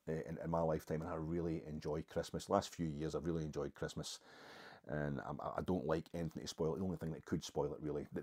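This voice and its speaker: A man's voice: extremely low pitch, warm tone, husky. A middle-aged Scottish man hosting a podcast, giving a football reaction monologue in a camp, gossipy, playfully theatrical manner. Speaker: podcast host.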